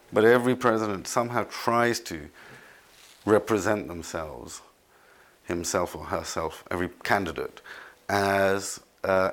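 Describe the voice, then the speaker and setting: A man's deep, slightly bright voice carries his conversational remarks as a guest in an interview. He halts frequently, restarting sentences and repeating words.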